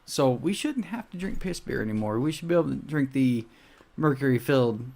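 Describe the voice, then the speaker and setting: A man's voice: medium pitch, expressive, a little fast, creaky, darkish tone. A man co-hosting a podcast in casual, profane banter, skeptical and wisecracking. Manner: skeptical, wisecracking, laughs often. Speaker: podcast co-host.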